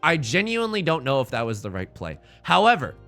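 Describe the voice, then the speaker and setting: A man's voice: on the high side, wildly swooping pitch, a little fast, bright, forceful tone, faint music behind. A man streaming a game live, rambling and joking with his chat between plays. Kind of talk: live-stream gameplay commentary.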